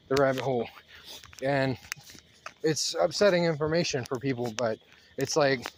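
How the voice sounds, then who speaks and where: A man's voice: fairly high pitch, a little hiss or hum. Breathless worked-up man rambling while walking. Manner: worked-up, rambling, halting with many fillers. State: slightly out of breath from fast walking. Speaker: channel host. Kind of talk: rambling monologue vlog. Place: outdoors, walking.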